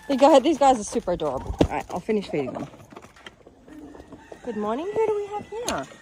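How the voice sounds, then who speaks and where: Woman filming on her phone outside on a farm, chatty and cooing at the animals, voice jumps all over, loud clucking and gobbling behind. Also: a little high, huge pitch swings, normal speed. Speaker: farm sanctuary keeper. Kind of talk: casual vlog narration. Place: outdoors on a farm among animals. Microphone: handheld phone while filming. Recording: outdoor phone audio with farm noise. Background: chickens, roosters and turkeys.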